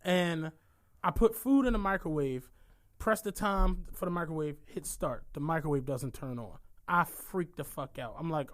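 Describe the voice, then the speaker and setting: Young philly dude on a podcast, swears a lot, gets loud and laughy telling stories. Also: male voice, fairly high pitch, moderate pace. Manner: animated, swearing, laughs through his stories. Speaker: podcast co-host. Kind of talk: casual chat, storytelling.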